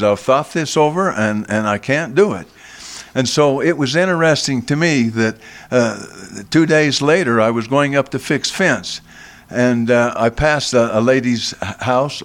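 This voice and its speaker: An older man, a guest in a radio studio, tells a long personal story slowly and haltingly, frequently restarting and repeating words. His voice is mid-range with a fairly bright tone.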